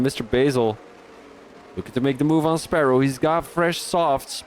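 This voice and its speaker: A man giving live-stream commentary on a sim racing league, excitable, jumping up at overtakes, with many restarts. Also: medium pitch, a little hiss or hum.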